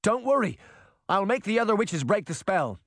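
Anxious young warlock guy, high pleading voice, dry close sound, a male reader putting him on. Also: sing-song, moderate pace, fairly bright tone, no echo, heavily acted. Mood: alarmed.

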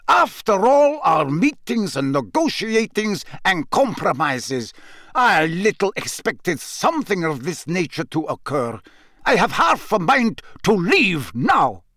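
An oily, haughty wizard headmaster, played by a man with a lifted pitch and a loud, pushing delivery. He drawls his words with scorn, smooth on the surface but sharp underneath. Dry, close storybook sound. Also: very animated, slow, no echo, full character voice. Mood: angry. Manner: oily, disdainful, then angry. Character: unctuous, proud foreign headmaster, man.

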